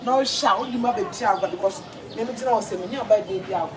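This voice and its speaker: A woman scolds at a quick clip, heard from some distance. A loud crowd and heavy noise surround her voice. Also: mid-range voice. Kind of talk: comedy skit dialogue.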